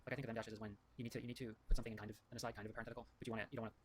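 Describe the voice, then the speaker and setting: A man's voice: fairly low pitch, level tone, rapid-fire, a little hiss or hum. A man hosting his own show, reading emails aloud and thinking through grammar points, often correcting himself mid-sentence. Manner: rambling, self-correcting, reads quotes aloud. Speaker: host reviewing writing feedback.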